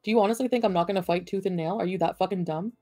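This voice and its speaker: Woman streamer cussing out her chat, mellow voice, dry close mic, faint music behind. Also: medium pitch, very fast, dry recording. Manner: profane, combative and sarcastic. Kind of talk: livestream rant at chat.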